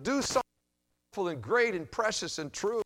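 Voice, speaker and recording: Animated male pastor preaching. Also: high-pitched, moderate pace. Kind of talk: sermon with storytelling.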